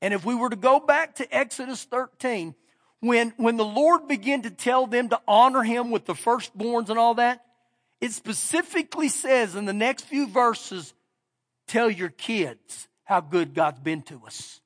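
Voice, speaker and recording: A middle-aged pastor preaching with a strikingly high voice. He tells a story in a folksy, down-home way, then drives his points home with rising emphasis. His voice rings out with a long reverb through a big church hall. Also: normal speed, fairly bright tone. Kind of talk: sermon.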